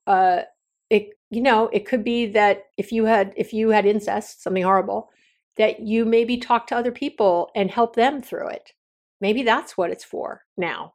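A woman hosting her own podcast, talking candidly and from the heart, with frequent restarts and trailing thoughts. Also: medium pitch. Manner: earnest, heartfelt, meandering with many restarts. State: near tears. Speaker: podcast host. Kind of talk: candid solo podcast talk.

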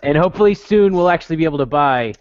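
A man's voice: a little high, animated, rapid-fire, muffled recording, soft background music. A man co-hosting a casual podcast, teasing the others and laughing easily. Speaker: podcast co-host.

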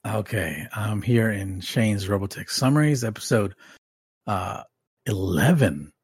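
A man's voice: lowish voice, expressive, a little slow, husky, dry recording, studio quality. A man co-hosting a podcast, reading a recap aloud with wry joking asides. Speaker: podcast co-host.

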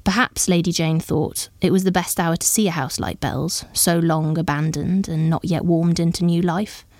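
An audiobook narrator, a woman with a voice on the low side, tells a story in a measured, even manner. The sound is clean studio quality with no room sound.

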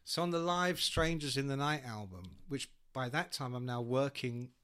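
A man, a rock journalist, chatting casually and telling animated anecdotes. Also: medium pitch, moderate pace, clear, resonant tone. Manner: animated storyteller, acts out quotes.

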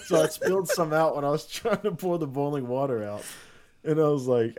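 A man's voice: fairly high pitch, animated, a little fast, darkish tone. A man co-hosting a podcast, telling a story in casual, profane chat and laughing through it. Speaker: podcast co-host.

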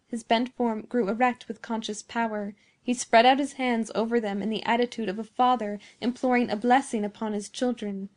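A woman narrating a classic story as an audiobook, in a measured, expressive way. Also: a little high. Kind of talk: scripted narration of classic fiction.

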